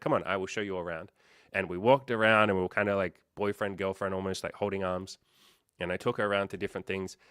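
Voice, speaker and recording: Man, deep voice, casual livestream chat, swears and rambles, dry close sound. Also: fairly bright tone, no echo. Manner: candid, profane, rambling storyteller with lots of fillers. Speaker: dating coach hosting a livestream.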